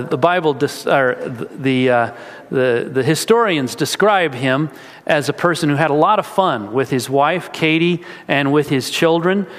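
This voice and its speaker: A man preaching a sermon, earnest and storytelling, with casual asides to the congregation. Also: fairly high pitch. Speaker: pastor. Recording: echoey hall.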